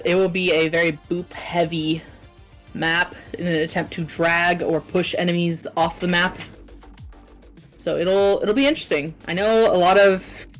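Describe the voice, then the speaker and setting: A woman co-casting an esports match, chatty and agreeable, often laughing between remarks. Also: fairly low pitch. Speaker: esports co-caster. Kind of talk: live esports casting banter.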